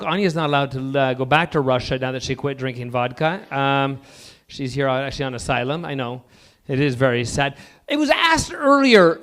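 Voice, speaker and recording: High, lively stand-up comedian. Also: male voice. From Alberta, Canada. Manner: rambling, self-deprecating, halting delivery. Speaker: open mic comedian.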